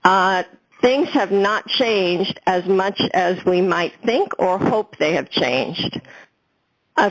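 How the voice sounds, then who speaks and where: A woman speaking at a town hall, measured and hesitant, often pausing with fillers. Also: medium pitch. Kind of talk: personal statement.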